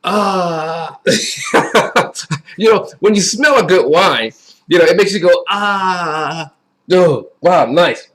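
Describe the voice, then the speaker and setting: A man's voice: high-pitched, big pitch swings, slow pace, fairly bright tone. Chatty folksy man reviewing wine. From Wisconsin. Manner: chatty, folksy, repeats himself.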